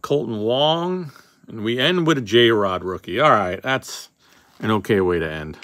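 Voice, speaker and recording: A man's voice: lowish voice, expressive, unhurried, a bit bright. A man hosting a casual card-opening session, reading off names as he goes and joking offhand with a few swear words. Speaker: card box breaker host.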